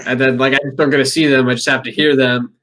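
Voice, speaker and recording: A man's voice: medium pitch, little pitch movement, fast, bright, forceful tone. A young man co-hosting a podcast, chatting casually and acting out crude quotes in jumping voices. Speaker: podcast co-host. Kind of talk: casual comedic chat.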